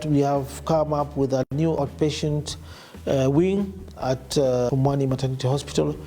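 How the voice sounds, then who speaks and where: A man's voice: mid-range voice, steady tone, normal speed, dark tone. A man, a county health official, reporting on hospital projects with many fillers. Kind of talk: spoken report to camera.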